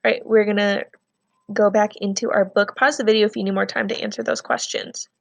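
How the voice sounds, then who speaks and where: A woman teacher giving a recorded reading lesson. She reads a novel aloud and gives patient, clear instructions between passages. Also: mid-range voice, flat delivery, fairly quick, no room sound.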